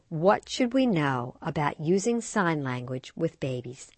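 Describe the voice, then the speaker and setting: A woman co-hosting a parenting show, reading a scripted story with expressive storytelling. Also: low-pitched, unhurried, hardly any pauses, no echo. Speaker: radio show co-host. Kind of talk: scripted narration.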